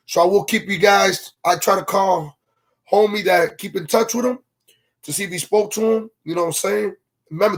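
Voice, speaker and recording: On a laid-back livestream, a man with a high, slightly husky voice rambles through a long story. He speaks loosely in slang, keeps checking whether his audience is following, and breaks off mid-story to greet viewers from the live comments.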